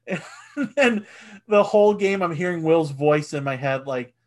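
A man in his thirties co-hosting a casual sports podcast, animated and swearing, and he gets loud when excited. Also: fairly high pitch, a little slow, long pauses. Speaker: podcast co-host.

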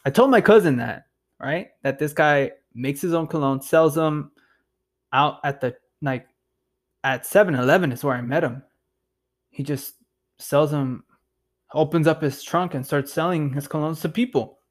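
A man's voice: on the high side, normal speed. A young man hosting a podcast, telling a rambling story in a loose, profane way, full of fillers and "dude". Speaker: podcast host. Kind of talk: casual storytelling.

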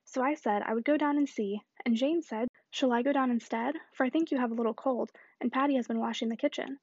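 A woman's voice: a little high, quick pace, a little mellow, no echo, lo-fi sound, lightly acted. A woman reading the part of a talkative spinster, effusive and rambling on in run-on chatter. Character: talkative middle-aged spinster, breathless and effusive.

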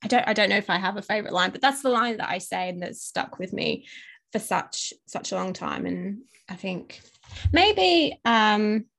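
A woman's voice: mid-range voice, lively intonation, moderate pace, gravelly, a bit bright. A woman with an English accent co-hosting a podcast, chatting casually and rambling with many fillers and restarts. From England. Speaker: podcast co-host. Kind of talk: casual chat.

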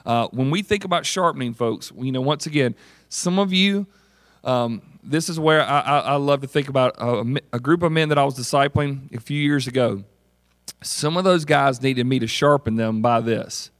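A man preaching a sermon in a conversational, animated way, often putting questions to the congregation. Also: mid-range voice, moderate pace, dry recording, clean studio sound. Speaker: pastor.

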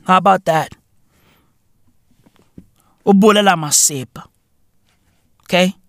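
A young South African man hosting a podcast, ranting in a casual, profane, comedic way with shouting and laughter. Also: sits high, slow pace, no room sound, studio quality. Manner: animated, profane, bursts into loud laughter and shouting. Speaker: podcast host.

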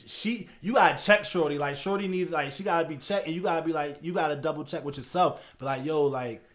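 A young man with a fairly high voice chats on a podcast in loose, cursing slang. He trails off, restarts his sentences and keeps breaking into laughter. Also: a little fast, a bit bright. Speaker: podcast co-host. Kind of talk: casual podcast chat.

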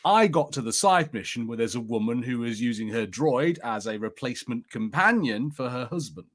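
Reviewing a TV episode on a podcast he co-hosts, this man chats easily, laughing a lot and telling stories. His mid-range voice is animated and a bit bright, at a moderate pace.

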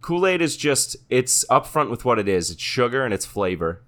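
A man's voice: medium pitch, big pitch swings, normal speed, fairly bright tone. A young man co-hosting a podcast in casual, joking chat. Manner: joking, bursts into mock-panicked accent bits. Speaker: podcast co-host.

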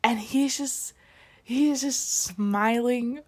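Young woman, casual vlog storytelling, slightly high voice, acts out quotes, chatty. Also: very slow. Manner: chatty, animated, lots of "like" and quoted dialogue. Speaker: vlogger.

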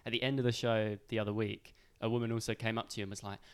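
A man's voice: on the low side, level tone, racing, clear, resonant tone. A male podcast host in casual chat, encouraging and chatty, speaking in a backstage green room.

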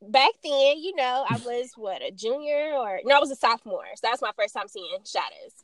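A young woman co-hosting a podcast, telling a story in a lively way, laughing and swearing as she acts out her friends. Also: on the high side, normal speed, no echo. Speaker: podcast co-host. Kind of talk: casual chat, storytelling.

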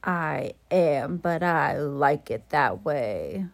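Lonely aloof girl dragon from a homemade story, a lady voicing her, low-ish voice, slow and plain, dry close sound. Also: very animated, vocal fry, no room sound, exaggerated voice. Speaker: parent joining a child's made-up story. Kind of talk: improvised bedtime-story role-play.

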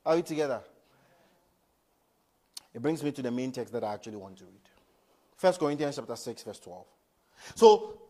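A man preaching a sermon in a church. He swings between loud emphasis and quiet asides and keeps asking the congregation questions. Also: sits high. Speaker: pastor.

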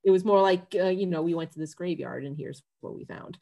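A woman's voice: fairly low pitch, fairly quick, gravelly. A woman from northern Connecticut with a slight Worcester-like Massachusetts accent, telling stories casually with many fillers as a podcast co-host. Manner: relaxed storytelling, many "like"s. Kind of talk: casual chat.

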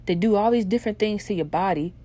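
A woman hosting a casual monologue, blunt and heavily profane, swinging into loud, animated rants. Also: medium pitch, fast.

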